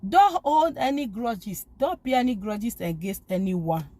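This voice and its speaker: A woman's voice: medium pitch, big pitch swings, unhurried, a little mellow, no echo. A woman giving an informal spoken talk urging forgiveness, pleading and emphatic, often repeating phrases. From lives abroad, from back home elsewhere. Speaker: faith vlogger.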